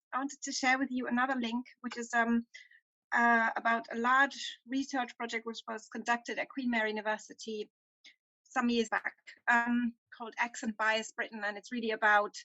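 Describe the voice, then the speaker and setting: A woman taking part in a panel discussion, explaining in a measured, informative way. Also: fairly high pitch, a bit bright, no echo, highs cut off. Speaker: discussion participant.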